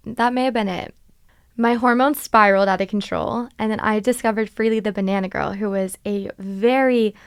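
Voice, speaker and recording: A woman's voice: mid-range voice, smooth, no echo, clean studio sound. A woman in her twenties hosting a podcast, talking candidly about her past and laughing at herself. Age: 20s. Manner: animated, confessional, laughs at herself. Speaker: podcast host. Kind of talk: candid solo podcast talk.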